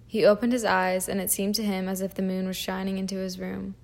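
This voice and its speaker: Creaky-voiced woman reading a fairy tale. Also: medium pitch, flat delivery, darkish tone. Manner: measured, with small slips and restarts. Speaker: audiobook reader. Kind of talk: storybook reading.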